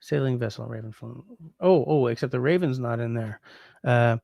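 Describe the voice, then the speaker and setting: A man hosts a relaxed livestream, chatting with viewers and musing over how to put phrases into French. His voice has a gravelly edge. The sound is close and dry, with no room around it. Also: medium pitch, moderate pace, no echo. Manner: muses aloud, trying out French translations. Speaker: livestream host. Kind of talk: casual livestream chat reading comments.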